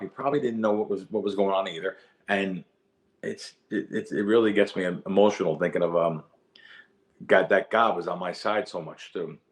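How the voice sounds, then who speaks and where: A middle-aged man telling his story as a guest in a podcast interview, animated and repeating words as he gets going. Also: fairly low pitch. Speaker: guest, sports bettor.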